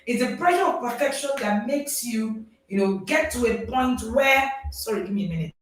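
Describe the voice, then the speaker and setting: Nigerian woman, parenting coach, lively audience talk, far off in a booming room. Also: moderate pace. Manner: animated, laughs often, asks the audience "right?". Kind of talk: speaking to a live audience. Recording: very echoey, distant mic.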